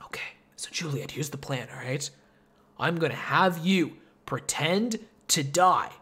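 A man doing a bumbling male priest, smug, panicky, jumpy high voice. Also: expressive, moderate pace. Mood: whispering. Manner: panicky, sometimes whispered or shouted.

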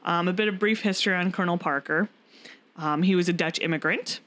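A woman's voice: fairly low pitch, a little fast, fairly bright tone. Rambling, laughing woman telling a story. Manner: rambling, laughing often, lots of fillers. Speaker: podcast host. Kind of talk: casual chat, storytelling.

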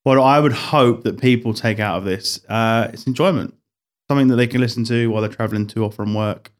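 A man's voice: medium pitch, fairly quick. Young man with dry humor. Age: 20s. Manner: dry, self-deprecating humor. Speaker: podcast producer and co-host. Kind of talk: casual chat.

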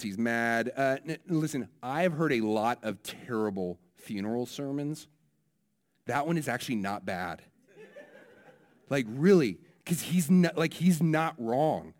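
A male pastor preaching a sermon in a relaxed, conversational way, often restarting his phrases. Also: medium pitch, measured pace.

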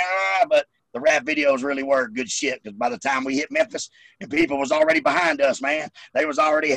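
A man with a high, lively voice, heavy vocal fry crackling under nearly every phrase. He tells profane, animated backstage stories as a former wrestler. His tone is bright and cuts through, sounding close and dry. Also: fast talker, no room sound. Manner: animated, swearing, laughing through the story. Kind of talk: profane storytelling.

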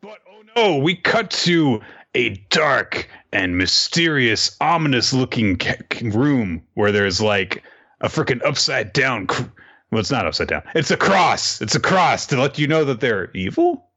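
A man casually recapping an anime episode on a podcast, rambling and dropping into quick quoted character voices. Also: medium pitch, sing-song, sharp tone, dull audio. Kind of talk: casual chat.

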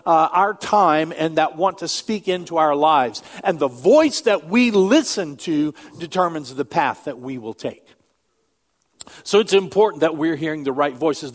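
An older man, a pastor, preaching a sermon in an earnest, emphatic way that drops to quiet asides. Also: on the high side.

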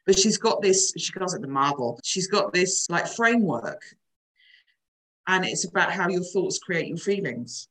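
Low-voiced woman in her forties; candid, chatty coach. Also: measured pace, poor audio. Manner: chatty, frank, lively storytelling. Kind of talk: casual podcast chat.

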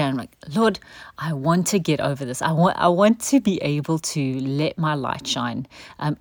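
Low-voiced woman telling a story. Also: a little mellow, dry recording. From South Africa. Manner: candid, storytelling, frequent "right?" asides. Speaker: church member sharing a testimony. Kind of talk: personal testimony talk.

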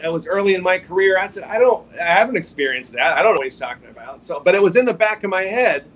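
A man telling casual anecdotes as a guest on a video call, rambling and halting with small chuckles. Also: high-pitched, fairly bright tone, a little hiss or hum, rough recording. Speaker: guest comic artist.

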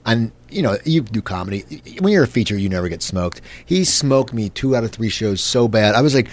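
A man from New Jersey hosting a casual interview, telling rambling, animated stories. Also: on the low side. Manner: fast, rambling, animated storytelling. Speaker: podcast host.

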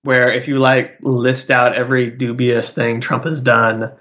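A man's voice: medium pitch, little pitch movement, unhurried, bright, forceful tone, muffled recording. A man talking politics in a loose, rambling way, full of "like" and "uh", often restarting his sentences. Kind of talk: casual political chat.

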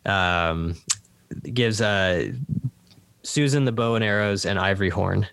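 A man with a lowish voice co-hosts a casual podcast and quizzes his partner on trivia. He talks in an easygoing way, stumbles over fillers and laughs easily. The sound is close and dry. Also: slow pace, vocal fry, fairly bright tone, smooth, no echo. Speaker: podcast co-host, quizmaster. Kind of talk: casual chat, trivia quiz.

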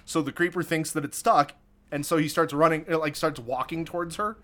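Chatty man, a bit higher voice. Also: steady tone, a little fast, fairly bright tone. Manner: chatty, amused, laughs often. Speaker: podcast co-host recapping a film. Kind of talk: casual chat.

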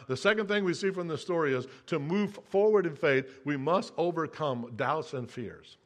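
A male pastor preaching a sermon earnestly, with repeated phrases and restarts, dropping quiet when he tells scripture. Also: fairly high pitch, normal speed, hardly any pauses.

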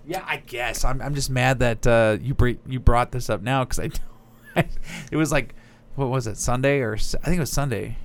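A man co-hosting a casual podcast chat who talks haltingly, repeats his words and swears casually. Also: medium pitch.

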